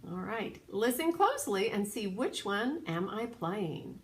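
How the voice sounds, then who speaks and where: A woman teaching a children's piano lesson, patient and clear, now and then singing solfege syllables. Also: medium pitch, sing-song, unhurried. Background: piano playing.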